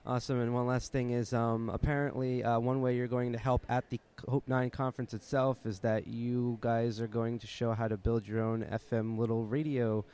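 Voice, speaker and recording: Man, interviewer, monotone delivery, smooth resonant voice, casual, many fillers. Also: medium pitch, normal speed, few pauses. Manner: hesitant, lots of uh and like. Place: at a conference.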